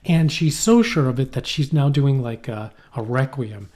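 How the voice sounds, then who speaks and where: A man co-hosting a casual podcast, rambling through an animated story with playful asides. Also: medium pitch, normal speed. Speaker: podcast co-host. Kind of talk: casual conversational podcast chat. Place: poorly heated shack.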